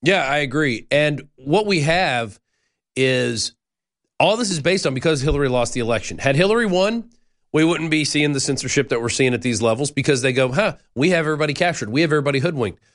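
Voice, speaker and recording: A man hosting a talk radio call-in show, speaking in energetic, fired-up quick bursts. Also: medium pitch. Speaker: radio host.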